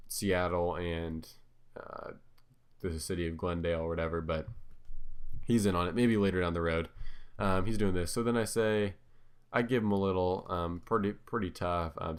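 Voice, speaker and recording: Man, very low voice, loose unscripted commentary, lots of fillers and restarts. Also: clean tone. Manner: filler-heavy, hesitant, self-correcting. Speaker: commentator on his own videos. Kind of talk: casual rambling commentary.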